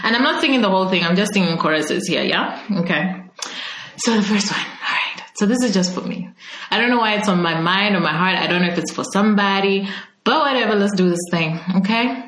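A woman's voice: medium pitch, expressive, brisk, fairly bright tone. Chatty woman podcast host, roomy sound. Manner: chatty, laughs often, breaks into singing. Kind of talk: casual podcast intro and Instagram Live chat.

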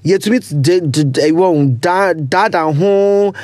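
High-voiced Ghanaian podcast host, dry sound. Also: male voice, unhurried, a little mellow, no room sound. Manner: playful, switches into Ghanaian pidgin and Twi, laughs often. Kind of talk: casual chat.

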